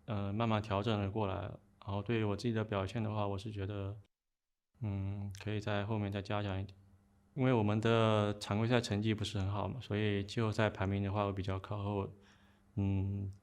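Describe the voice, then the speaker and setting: A man, a professional player, giving a calm, measured interview about his team's season. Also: lowish voice, clear, resonant tone. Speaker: pro player. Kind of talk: post-match interview.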